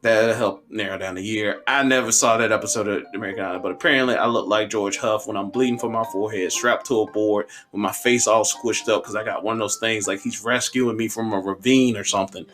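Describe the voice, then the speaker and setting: A man in his thirties telling a funny personal story on a podcast, animated and conversational. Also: fairly low pitch, brisk, hardly any pauses.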